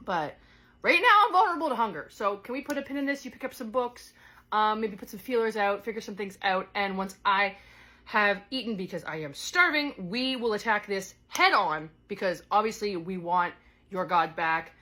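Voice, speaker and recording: Speaking at a moderate pace, a woman with a medium-pitched, animated voice sounds pushed and bright. She performs an improvised solo role-play as a chatty goddess marooned in another world, scattered yet caring, her speech rambling and thick with fillers and self-corrections.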